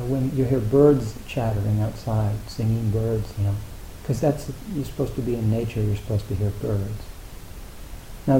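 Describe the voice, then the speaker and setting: A man's voice: mid-range voice, creaky, dark tone. A man giving a Zen dharma talk, rambling and self-deprecating, with lots of filler words. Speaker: Zen teacher. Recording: echoey hall with faint hiss.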